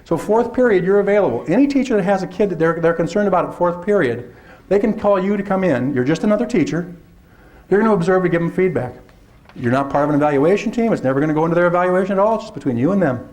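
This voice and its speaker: A man giving a lively workshop lecture to teachers, often acting out teachers in put-on voices. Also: high voice, fast talker. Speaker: workshop presenter. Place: lecture hall.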